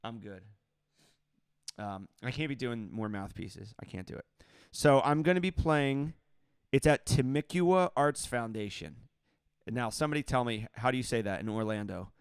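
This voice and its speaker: A man, a saxophonist, casually chatting on his livestream and answering viewer comments in a relaxed, joking way, laughing often. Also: mid-range voice, normal speed, clear, resonant tone, no room sound, clean studio sound.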